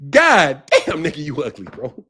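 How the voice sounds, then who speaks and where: A man's voice: on the high side, pushed and bright, husky. A man hosting his boxing channel, ranting in a profane, mocking way and laughing often. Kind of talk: ranting commentary.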